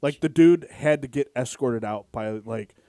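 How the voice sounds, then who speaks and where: A man's voice: mid-range voice, measured pace, warm tone, dry recording. Rambling profane man, dry close sound. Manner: rambling, full of "like" fillers, profane. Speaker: podcast host. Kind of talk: casual storytelling chat.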